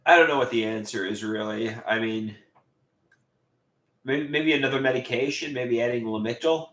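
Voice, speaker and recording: A man live streaming and reading viewer comments aloud, talking in halting, repetitive bursts with many restarts. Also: medium pitch, a bit bright, roomy sound. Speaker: livestreamer.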